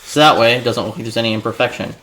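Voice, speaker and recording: A chatty man streams from his home kitchen, joking and swearing freely as he cooks. His voice is bright and forward, at an ordinary middle pitch. Soft music plays faintly behind him. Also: fairly even intonation, racing. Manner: chatty, profane and playful, talking to chat. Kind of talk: casual cooking livestream chat.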